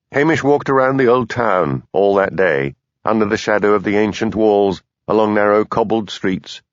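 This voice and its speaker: A man narrating an audiobook in a measured, even storytelling manner. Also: fairly low pitch, no room sound, highs cut off. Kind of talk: scripted narration.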